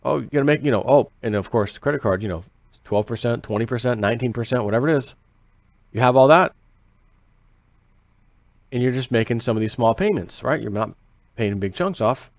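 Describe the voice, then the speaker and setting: Animated man explaining money, dry sound. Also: mid-range voice, brisk, vocal fry, long pauses, no echo. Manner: animated, rhetorical, repeats phrases for emphasis. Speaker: financial commentary vlogger. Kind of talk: casual explanatory monologue.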